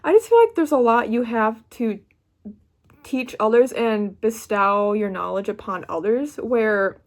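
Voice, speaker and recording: A young woman talks through a tarot reading in a slightly high voice. She gushes and gets excited as she goes, often breaking off mid-word before she finds the thought again. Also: a little slow. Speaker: tarot reader. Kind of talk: pick-a-card tarot reading.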